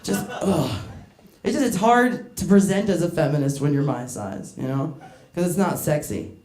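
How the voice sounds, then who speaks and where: A woman doing a crude, self-mocking stand-up set on a club stage, laughing through her lines, teasing the crowd, her voice wearing hoarse. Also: low voice, lively intonation, normal speed, darkish tone. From United States. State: voice getting hoarse. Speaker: stand-up comedian. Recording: echoey club room.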